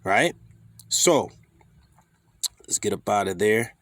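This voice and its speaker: A man's voice: lowish voice, lively intonation, takes it slowly, fairly bright tone, dry recording. A man teaching scripture in a fiery, scolding way, swearing freely and firing rhetorical questions. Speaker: preacher.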